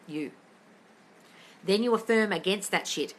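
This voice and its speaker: A woman's voice: on the low side, expressive, a little fast, pushed and bright, a little hiss or hum. A woman coaching listeners in a casual live-stream Q&A, blunt and sweary, calling everyone darling. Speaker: manifestation coach answering live questions. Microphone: phone.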